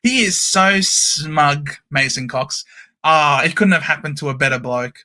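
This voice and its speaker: A man hosting a live-stream football watchalong, calling the play with animated cheers and banter. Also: fairly high pitch, measured pace. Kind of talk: excited live sports commentary.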